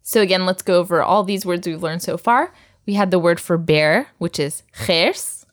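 A woman's voice: lowish voice, normal speed. A woman teaching vocabulary to a learner, patient and encouraging, often laughing. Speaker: language teacher.

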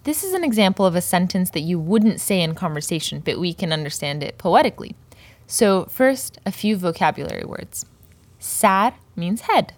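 A woman teaching a Persian poetry lesson, explaining words slowly and carefully pronouncing each example. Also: fairly low pitch, big pitch swings, a little mellow, no room sound.

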